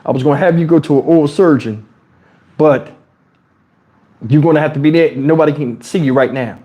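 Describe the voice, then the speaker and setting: A man's voice: on the high side, brisk, warm tone, voice pushed down, natural voice. Blunt woman dentist, as a man quotes her. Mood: matter-of-fact. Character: calm, blunt middle-aged woman dentist.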